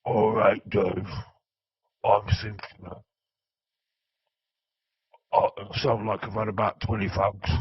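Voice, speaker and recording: A husky, deep-voiced woman who sounds like a heavy smoker, as a man puts her on. The voice is low and raspy, and it comes slowly. The recording is dull and dry. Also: little pitch movement, no echo, exaggerated voice. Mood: mocking.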